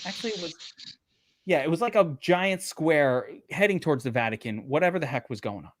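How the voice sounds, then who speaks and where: A man, co-hosting a sports betting podcast and telling a story in a profane, animated way. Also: on the high side, brisk, dry recording, studio quality. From Brooklyn, New York. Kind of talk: casual chat.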